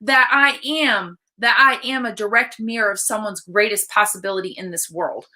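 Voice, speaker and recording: A woman coach talking to viewers on a livestream, blunt and excited, swearing freely as she speaks. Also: mid-range voice, normal speed. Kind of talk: casual live-stream talk.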